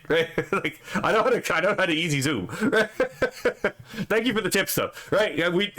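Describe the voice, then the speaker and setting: Guy streaming, reading posts and mocking them, lots of swearing, bright forceful voice, kinda high. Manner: sarcastic, profane, mocking asides; frequent filler "right?". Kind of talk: casual live stream commentary.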